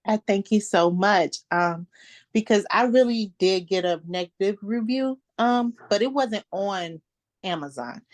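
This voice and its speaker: Soft-spoken young woman author. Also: medium pitch, measured pace, no room sound. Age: 20s. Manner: soft-spoken, earnest and reflective. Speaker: author guest. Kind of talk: casual interview chat.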